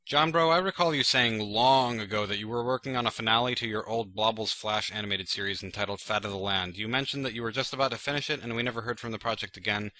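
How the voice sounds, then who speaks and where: Speaking quickly and barely pausing, a low-voiced man with a bright, forceful tone fields viewer questions on his channel. He rambles chattily, leaning on fillers like "like" and "you know" and poking fun at himself.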